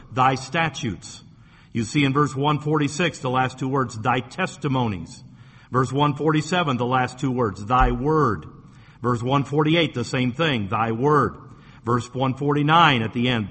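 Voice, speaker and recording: A man's voice: fairly high pitch, a bit bright, breathy edge. Earnest male preacher in a reverberant hall. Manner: earnest preaching with repeated words and rising emphasis. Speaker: pastor. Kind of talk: sermon.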